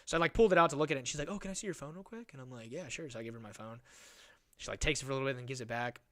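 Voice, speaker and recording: A man's voice: mid-range voice, racing, a bit bright. A young man hosting a podcast, telling a rambling story in casual chat, swearing and laughing often. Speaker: podcast host.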